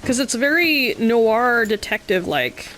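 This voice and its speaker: A woman's voice: fairly high pitch, animated, a little slow, a bit bright, a little hiss or hum. Joking woman doing game commentary. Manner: joking, sarcastic asides. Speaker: let's play streamer.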